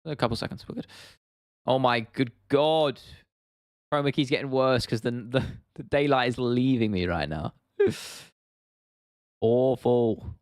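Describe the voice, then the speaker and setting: Speaking slowly with long pauses, a young man from England runs a laid-back livestream in a mid-range voice. He reads out chat messages, rambles, restarts often, and laughs, all captured in studio quality without any room sound.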